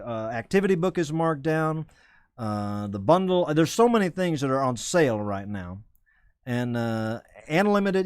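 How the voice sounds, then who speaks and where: A man's voice: mid-range voice, darkish tone, clean tone, no room sound, clean studio sound. A man hosting a comedy web show, rambling and self-correcting while hyping merchandise like a salesman. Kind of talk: rambling comedic live-stream chat.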